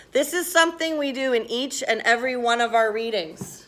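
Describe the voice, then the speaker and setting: Female teacher, slightly high voice, brisk and directive, classroom lesson. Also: fairly bright tone.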